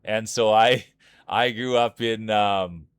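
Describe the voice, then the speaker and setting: A man's voice: on the low side, steady tone, slow pace, clear, resonant tone, no echo, studio quality. A man from Saskatchewan with a thick Saskatchewan Canadian accent, giving playful, hype-man commentary on a live-streamed marble race.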